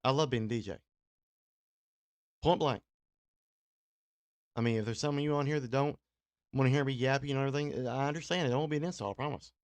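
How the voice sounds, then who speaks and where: In a small home studio, a Kentucky-accented radio host and DJ rambles casually on a livestream, poking fun at himself and laughing often between filler words. His medium-pitched voice is brisk but broken by long pauses, with no room sound.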